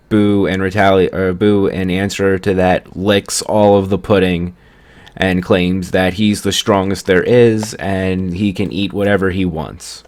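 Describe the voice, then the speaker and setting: A man's voice: sits low, level tone, measured pace, a little mellow. A young man casually recapping an anime episode in a rambling way, chuckling at the story as he goes. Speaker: anime reviewer.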